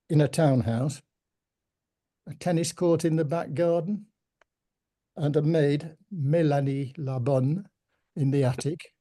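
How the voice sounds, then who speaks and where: An older man with a Yorkshire accent, telling stories in a measured, reflective way with gentle humour during an interview. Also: fairly high pitch. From Yorkshire, England. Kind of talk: reminiscing conversation.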